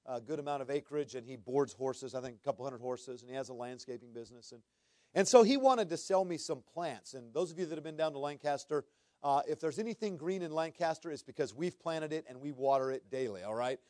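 A man preaching from the pulpit with earnest feeling. His voice sits at a middle pitch and sounds close and dry. He often repeats his words and drops from loud to hushed. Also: fairly quick, dry recording. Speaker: pastor. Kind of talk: sermon storytelling.

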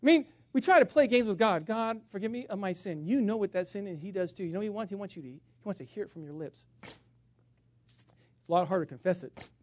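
A middle-aged male pastor preaching a sermon, swinging from hushed tones to shouting and acting out funny stories. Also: sits high, lively intonation, fast. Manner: acts out funny stories with voices.

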